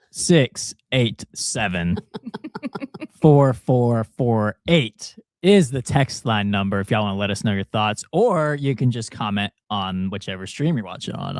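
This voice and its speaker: A man's voice: medium pitch, no room sound, clean studio sound. A man, producer and co-host of a talk show, easygoing and enthusiastic. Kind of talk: casual talk-show chat.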